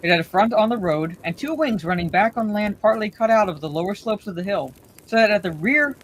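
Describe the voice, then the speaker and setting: A woman reading a bedtime story aloud in a calm, steady way as the storyteller. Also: mid-range voice, fairly quick, a little hiss or hum, poor audio.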